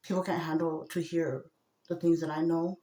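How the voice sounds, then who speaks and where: A woman talking to the camera in a rambling personal monologue, agitated, going from a low murmur to loud outbursts. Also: level tone, moderate pace, echoey room.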